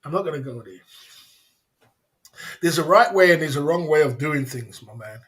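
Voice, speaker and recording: In a casual livestream, a man answers viewer comments he reads aloud, rambling, repeating himself, and using streetwise slang. His voice is a little high and fairly bright, expressive, at normal speed.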